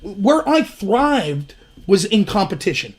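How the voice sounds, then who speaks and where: A man's voice: sits high, sing-song, slow pace, slightly rough. A man from Pennsylvania hosting his own livestream, telling stories in a casual, digressive way. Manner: storytelling, chatty, digressive. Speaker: livestream host.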